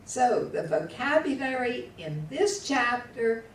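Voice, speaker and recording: A Hebrew teacher with a rather high, very animated voice speaks slowly as she patiently drills words with her class, asking students to repeat them syllable by syllable. It's a classroom lesson recorded in an echoey room, her voice distant over a faint hum.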